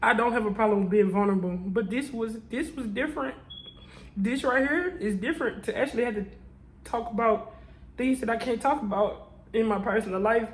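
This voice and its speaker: A woman's voice: a little high, fairly quick, a little hiss or hum, rough recording. A woman speaking straight to her viewers in an emotional confessional vlog. She sounds tearful and talks in a prayerful, testifying way, repeating her lines over and over. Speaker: vlogger.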